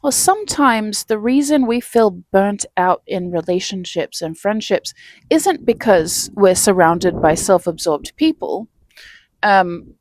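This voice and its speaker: A woman's voice: medium pitch, a little mellow, no echo. A woman vlogger telling a personal story in a casual, chatty way, laughing between phrases. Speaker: self-help vlogger.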